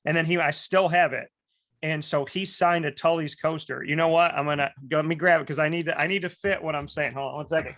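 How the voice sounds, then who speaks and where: Bright, animated male storyteller host. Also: a little high. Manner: animated storyteller, acts out quoted voices, many restarts. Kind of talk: casual storytelling chat.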